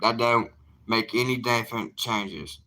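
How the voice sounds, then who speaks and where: A man's voice: mid-range voice, a little slow, sharp tone. A young man, an evangelist talking casually to his livestream viewers in an earnest, plainspoken, defiant way.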